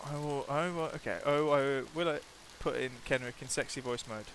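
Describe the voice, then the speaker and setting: Bright, chatty man streaming a game. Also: medium pitch, brisk, a little hiss or hum. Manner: chatty, playful, restarts and stammers. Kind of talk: casual gameplay chat, reading game text aloud.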